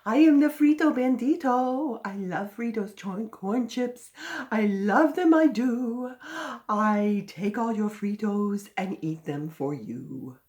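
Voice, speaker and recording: A greedy little cartoon bandit mascot, voiced by a woman, crows about stealing snacks in a high, exaggerated voice. He is sing-song and boastful. The delivery is unhurried. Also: expressive, darkish tone, muffled recording. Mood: boastful, silly. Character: mischievous male corn-chip bandit mascot, greedy and silly.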